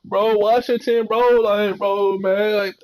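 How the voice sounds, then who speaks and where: A man doing a squeaky baffled football player. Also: flat delivery, takes it slowly, a little mellow, clear, resonant tone. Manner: high-pitched repeated "bro" exclamations. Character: baffled young male football player, exasperated.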